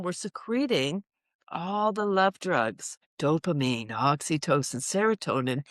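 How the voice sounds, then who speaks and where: A woman's voice: lowish voice, normal speed, dry recording. A woman who teaches laughter yoga, talking in a casual interview and acting out little voices and laugh sounds as she goes. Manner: animated, acts out voices and laughs.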